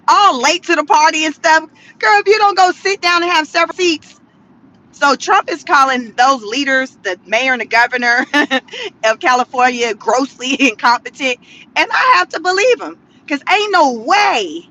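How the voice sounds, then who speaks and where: A woman vlogging from inside a car, giving sassy, animated commentary and laughing often. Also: high voice, normal speed. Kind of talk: casual commentary vlog.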